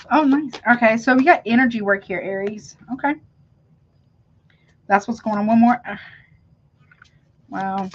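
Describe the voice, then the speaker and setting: A woman's voice: mid-range voice, dull audio, slight background noise. A woman giving a live tarot reading, talking casually to her viewers and calling them honey. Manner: chatty, calls viewers honey, self-interrupting. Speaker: tarot reader.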